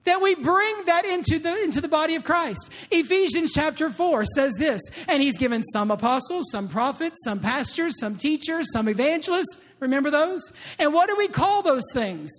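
Male pastor, high voice, animated call-and-response preaching style. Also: normal speed. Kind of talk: sermon.

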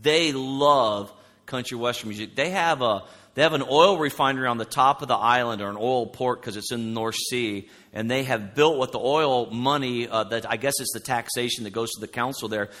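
A man preaching a sermon, loud and animated, telling stories from the pulpit. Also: mid-range voice, moderate pace. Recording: long hall reverb.

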